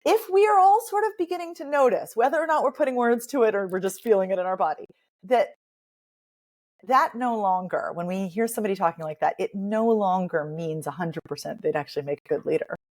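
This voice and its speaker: A woman dialect coach and author talking as a guest in a podcast interview, animated and emphatic, with playful asides. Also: mid-range voice, brisk.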